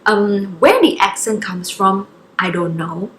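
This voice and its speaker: A woman's voice: mid-range voice, slow, echoey room, rough recording. Chatty Singaporean young woman vlogging. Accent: Singaporean English, softened toward international. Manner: chatty, many fillers and asides. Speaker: YouTuber. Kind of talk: casual talk to camera.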